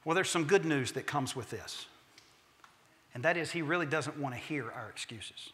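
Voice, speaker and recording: A male pastor delivers a sermon in a church sanctuary, telling stories emphatically and slowing down to land his key points, with the odd humorous aside. His voice is bright and forceful, sitting a little higher than most men's. A long reverb trails every phrase around the room. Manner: emphatic storytelling preacher who slows for key points.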